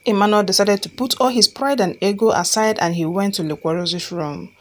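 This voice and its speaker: A woman's voice: medium pitch, fairly quick. A woman reading a fan-written love story aloud as its storyteller, keeping her own voice for every part.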